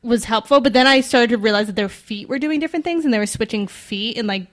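A woman's voice: fairly high pitch, fast talker. A young adult woman co-hosting a podcast in casual chat, rambling with lots of filler words. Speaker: podcast co-host.

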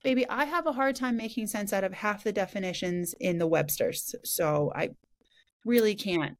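A woman with a mid-range voice talks at normal speed. She hosts a casual spiritual podcast, speaking frankly, swearing now and then, and laughing easily.

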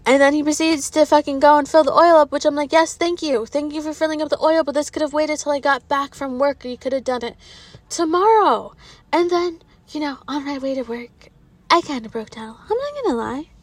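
A woman in her thirties with a high voice vents to her viewers in a loose storytime monologue, swearing freely and rambling from one complaint to the next. The sound is dry and close, with no room around it. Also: brisk, dry recording. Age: 30s. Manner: candid, profane, rambling, animated retelling. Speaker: social media creator. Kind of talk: casual storytime vent to viewers.

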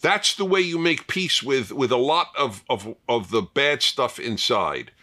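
Lively, emphatic older male host. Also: mid-range voice, unhurried. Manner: emphatic, lively, repeats points for stress. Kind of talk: fireside chat monologue.

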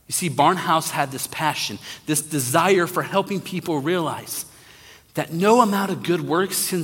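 A man preaching a sermon as an online minister, earnest and emphatic, slowing down to repeat key phrases. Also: a little high, fairly bright tone, long reverb tail.

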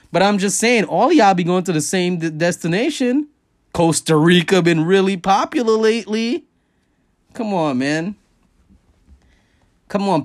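A man hosting a podcast, ranting casually and profanely, jumping up high in pitch to stress his points. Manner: profane, animated, jumps high in pitch for emphasis. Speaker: podcast host. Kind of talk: casual comedic rant.

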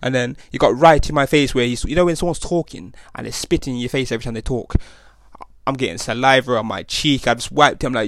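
A young man rattles through a personal story at a quick clip. His talk is slangy and rambling, with plenty of restarts and tag questions. The sound is dry and close, with no room around it. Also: mid-range voice, a bit bright, no echo. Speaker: podcast host. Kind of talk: casual storytelling monologue.

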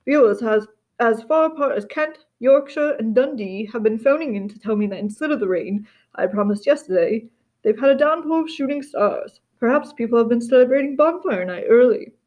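A woman's voice: on the high side, lively intonation, fairly quick, lo-fi sound. A woman voicing a chatty, jokey male TV weatherman in an audiobook reading.

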